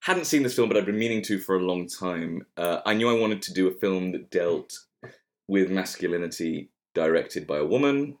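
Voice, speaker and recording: Man, podcast host, wry and joking, animated pitch. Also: normal speed. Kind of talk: casual chat.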